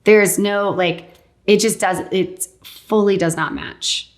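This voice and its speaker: A woman with a middle-pitched voice tells her own story as an interview guest. She is animated and laughs often, and she acts out what other people said. Her speech is loose and chatty, full of "like" and "um". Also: slow. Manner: fills speech with "like" and "um". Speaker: guest sharing a healing testimony. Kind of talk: casual personal storytelling.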